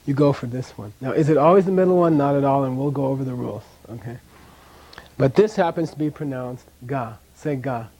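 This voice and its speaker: A man's voice: mid-range voice, fairly quick, warm tone. A man teaching a language class in a classroom, chatty, often checking in with "okay?" and drilling pronunciation.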